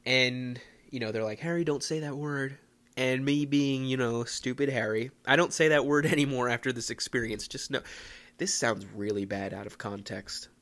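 A young man from the Philadelphia area hosting a casual solo podcast, rambling and self-mocking with excitable bursts. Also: mid-range voice, moderate pace. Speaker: podcast host.

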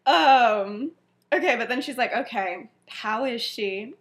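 Giggly high-voiced young woman. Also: animated, takes it slowly. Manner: giggly, filler-heavy, acts out quoted lines. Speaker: podcast co-host. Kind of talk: casual storytelling chat.

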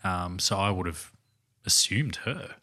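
A man's voice: deep voice, lively intonation, a little slow, bright, forceful tone. A man co-hosting a casual film podcast, talking earnestly with frequent restarts. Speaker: podcast co-host.

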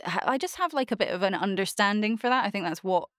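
A woman's voice: medium pitch, expressive, quick pace, a bit bright, no echo, clean studio sound. A woman with a Scottish accent chatting casually, teasing and laughing often. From Scotland. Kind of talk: casual chat.

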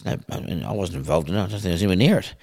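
This middle-aged man speaks with a New Zealand accent in a low voice that swings widely up and down as he talks. He tells his stories on a podcast in a relaxed way, laughs a lot and acts out the lines of everyone involved. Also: very fast, gravelly. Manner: animated, laughing, acts out quotes. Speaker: guest broadcaster. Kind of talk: casual podcast storytelling.

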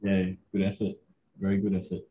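A young Australian man, a university student, co-hosting a racing podcast in a relaxed, dryly joking way. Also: sits low, a little fast, lo-fi sound. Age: young adult. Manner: relaxed, dry humour, hedging. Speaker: podcast co-host. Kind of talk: casual chat.

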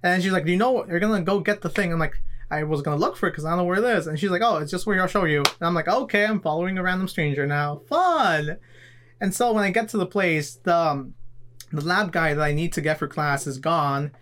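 A man's voice: sits high, fast, a bit bright. A young man, a podcast co-host, telling a rambling story in casual chat and acting out what everyone said. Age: young adult. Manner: rambling storyteller, acts out quotes. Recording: scuffed in-person audio.

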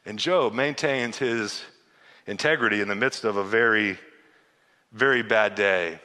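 A pastor preaching a sermon in a lively, casual way, acting out biblical dialogue and often stumbling into restarts. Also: male voice, on the low side, a little slow, long reverb tail. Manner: animated, acts out biblical dialogue with casual asides; frequent stammered restarts.

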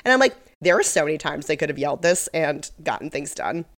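A woman's voice: sits low, very animated, fast. A woman co-hosting a podcast, chattily walking through a TV episode's plot with amused asides. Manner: chatty, frequent "like" fillers, amused. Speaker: podcast co-host. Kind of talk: casual episode recap chat.

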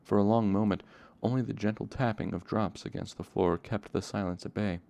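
A man reading a novel aloud in a plain, steady narration. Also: fairly low pitch, brisk, gravelly. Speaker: audiobook reader.

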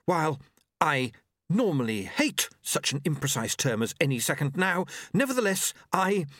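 A man voicing Jeremy, a high-strung young male clockmaker who talks in a shrill, excitable, nervously precise way. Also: moderate pace, no echo, clean studio sound. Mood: eager.

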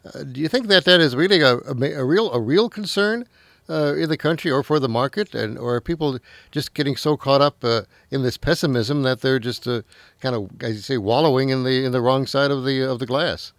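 A man's voice: medium pitch, fairly quick, dry recording, studio quality. A man hosting a radio show, asking long, rambling questions with restarts. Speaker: radio host. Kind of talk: radio interview.

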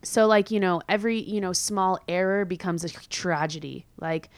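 A young woman hosting a podcast, talking casually and candidly with many fillers and quick laughs. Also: on the low side, clear, resonant tone, no room sound. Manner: chatty, filler-heavy, candid, laughs easily. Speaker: podcast host. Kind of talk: casual solo podcast chat.

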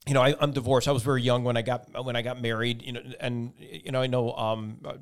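A man's voice: mid-range voice, little pitch movement, fast, clean tone. A middle-aged man hosting a talk show, chatting casually and supportively, rambling with many fillers. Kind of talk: casual interview chat.

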